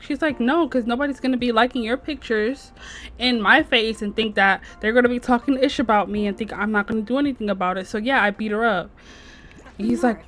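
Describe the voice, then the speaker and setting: A woman's voice: medium pitch, a little fast, a bit bright. A young woman casually narrating her gameplay, voicing the characters in a slangy, chatty way with "she's like" quotes. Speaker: gameplay streamer. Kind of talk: casual let's-play narration voicing sims.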